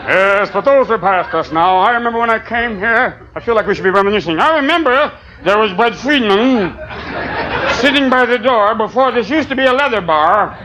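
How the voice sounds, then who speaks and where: A male stand-up comedian doing a manic, rapid-fire improvised routine, jumping into voices and shouts on a club stage. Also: sits high, animated. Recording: loud crowd laughter, noisy live room. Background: audience laughing.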